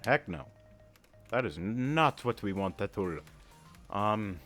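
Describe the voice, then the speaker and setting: A man casually talking through a flight simulator game, thinking aloud with many pauses and filler words, and breaking into sudden excited outbursts. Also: fairly low pitch, over music. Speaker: flight sim gamer. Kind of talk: casual gameplay commentary.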